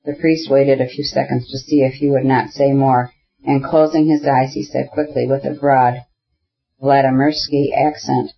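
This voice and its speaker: A man reading a classic novel aloud as an audiobook narrator, in a steady, measured way. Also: medium pitch, slightly rough, highs cut off.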